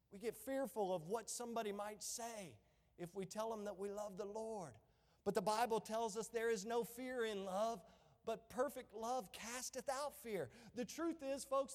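High-voiced pastor preaching. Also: male voice. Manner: impassioned preaching, rising to shouts. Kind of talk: sermon. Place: church sanctuary. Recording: echoey church hall.

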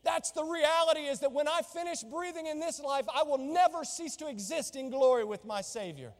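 A man's voice: extremely high pitch, brisk, in a large hall. A man preaching a sermon as pastor, fervent and exclamatory, reading and explaining scripture.

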